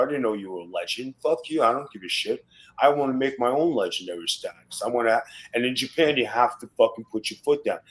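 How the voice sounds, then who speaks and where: A middle-aged man, a guest on a podcast, telling wrestling stories in rough, swearing-heavy casual talk. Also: mid-range voice, poor audio. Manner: profane, boastful storytelling.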